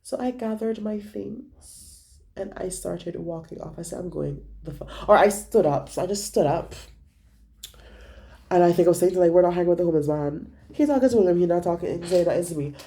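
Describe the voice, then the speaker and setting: A young woman tells a casual storytime in a low, mellow voice. She talks in an animated, gossipy way and swears freely as she recounts her night. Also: brisk, vocal fry. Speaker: vlogger.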